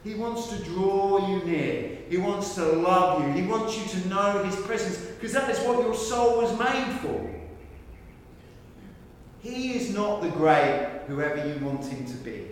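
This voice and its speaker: A man's voice: high-pitched, unhurried, slight background noise. A middle-aged male pastor preaching an earnest sermon that rises to emphatic questions. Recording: echoey hall from far off.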